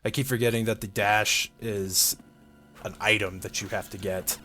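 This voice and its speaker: This man's lowish voice is steady yet bright and forceful, moving at normal speed. Hosting a let's play, he rambles casually through a video game playthrough with plenty of fillers while game music plays.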